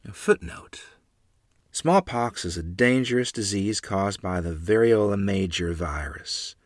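A man narrating a first-person memoir in an earnest, measured storytelling manner. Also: fairly low pitch, lively intonation, dry recording, studio quality.

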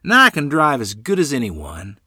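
A man's voice: mid-range voice, wildly swooping pitch, moderate pace, pushed and bright, husky, no room sound, studio quality, voice pushed up, heavily acted. A man doing a bragging country father. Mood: boastful. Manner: bragging, hearty. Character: boastful country father, middle-aged man.

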